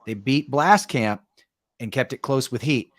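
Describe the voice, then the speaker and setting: A man talking paintball on a podcast panel, analyzing teams in a relaxed, conversational way. He fills pauses often and tags lines with "right?". The recording is dry and close, with no room sound. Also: mid-range voice, no echo. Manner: conversational, tag questions, frequent fillers. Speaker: paintball coach and show panelist.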